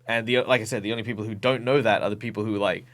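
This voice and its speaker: A man's voice: lowish voice, steady tone, rapid-fire, fairly bright tone. A man with an Australian accent, a professional game master, talking over a video call as an interview guest, telling stories animatedly with many ums and restarts. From Perth, Western Australia. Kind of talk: casual interview talk.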